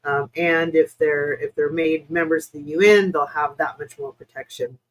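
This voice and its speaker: A woman's voice: low-pitched, fairly even intonation, normal speed, rough recording. A woman from the United States hosting a live stream as a spiritual reader. She answers viewers' questions in a rambling, hesitant way, with many fillers, and talks to viewers in a chatty, apologetic way.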